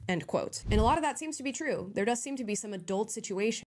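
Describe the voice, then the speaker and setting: Measured woman reading commentary. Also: medium pitch, darkish tone. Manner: measured, reads out quotes and headlines. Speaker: online commentator. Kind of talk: scripted commentary narration.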